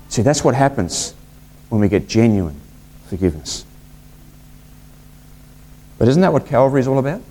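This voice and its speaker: A male pastor delivering a sermon with plenty of expression. His voice climbs when he acts out what people say and sinks to a near hush on key words. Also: normal speed, pauses often. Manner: expressive preaching, acting out quotes with big pitch swings and hushed drops.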